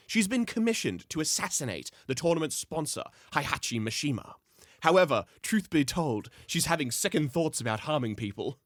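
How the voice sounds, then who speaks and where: A man's voice: fairly high pitch, big pitch swings, moderate pace, dry recording, clean studio sound. A young man co-hosting a podcast, chatting casually, swearing often and reading notes aloud. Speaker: podcast co-host presenting the topic.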